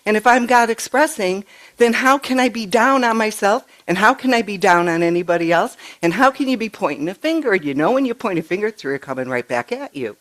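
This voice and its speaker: An older woman minister giving a conversational sermon, telling stories in an animated way and often stumbling over and restarting her words. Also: mid-range voice, brisk. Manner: chatty, animated storytelling with frequent restarts. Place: church sanctuary.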